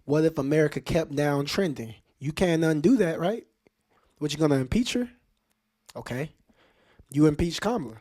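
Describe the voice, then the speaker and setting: A man's voice: on the high side, lively intonation, moderate pace, pauses often, a little mellow. A man hosting a podcast, talking straight to his listeners in casual commentary, emphatic and full of rhetorical questions. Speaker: podcast host.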